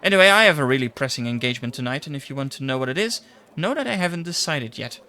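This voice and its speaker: A curt young secretary, as a male narrator puts her on, brushing people off with sarcasm. The voice sits noticeably high and sounds bright and sharp. It is the voice of a one-man tabletop story. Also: steady tone, fairly quick, natural voice. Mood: irritated. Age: young adult. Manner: sarcastic, dismissive. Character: young brusque female newsroom secretary.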